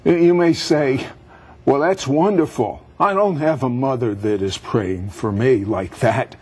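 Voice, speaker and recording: A man hosting a TV interview, who sounds lively and incredulous as he leads the story along. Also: medium pitch, unhurried, husky. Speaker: TV show host, interviewer. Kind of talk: interviewing a guest.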